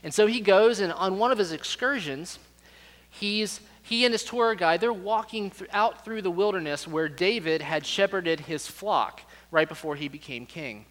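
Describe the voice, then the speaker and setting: Male pastor, fairly high voice, chatty storytelling sermon, long church reverb. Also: normal speed, fairly bright tone. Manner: conversational, repeats words as he goes. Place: church sanctuary. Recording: reverberant hall.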